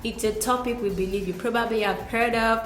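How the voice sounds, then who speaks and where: A woman's voice: on the high side, steady tone, a little fast, fairly bright tone, roomy sound, faint music behind. A woman co-hosting a casual bilingual lesson, patiently explaining French to learners and switching between French and English. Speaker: French teacher co-host.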